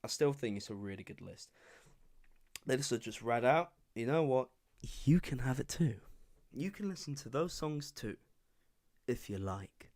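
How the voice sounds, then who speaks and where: A man's voice: medium pitch, lively intonation, measured pace, pauses often, darkish tone. A young man from England hosting his own podcast alone, chatting casually and rambling from topic to topic. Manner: rambling, chatty, self-deprecating. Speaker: podcast host. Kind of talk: casual solo podcast chat.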